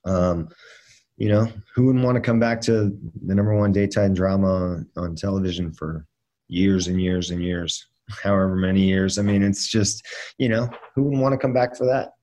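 A man's voice: sits low, steady tone, normal speed, dark tone. A man, an actor guest in a casual interview, telling stories with many fillers and restarts.

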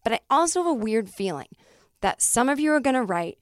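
A woman with a fairly high, smooth, crisp voice hosts her solo podcast in a good-natured cranky way. She swears freely and stays animated throughout. Her voice is still not fully back. The sound is dry and close. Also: brisk, no echo. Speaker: podcast host and comedian.

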